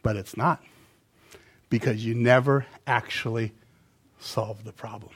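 Middle-aged male pastor mid-sermon, lively delivery with sudden loud and soft swings. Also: mid-range voice, unhurried, breathy edge. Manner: animated, swinging between loud emphasis and quiet asides.

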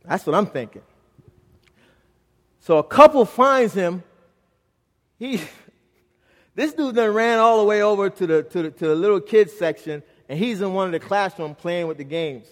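A middle-aged man preaching a sermon as pastor, telling a family story and swinging from loud to hushed. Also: high-pitched, moderate pace, in a large hall.

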